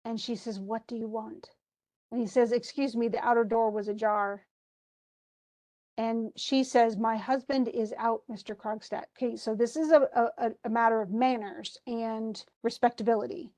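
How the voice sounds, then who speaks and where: A woman's voice: fairly high pitch, steady tone, normal speed, dark tone. Woman teacher retelling a play scene. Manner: reads quoted lines aloud with restarts and asides. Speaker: literature teacher.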